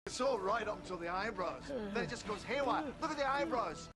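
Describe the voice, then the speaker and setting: An actor with a Scottish accent playing a newly regenerated, prickly alien time traveller in a TV drama, sardonic and musing aloud. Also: male voice, high voice, animated, brisk. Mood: indignant. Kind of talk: television drama.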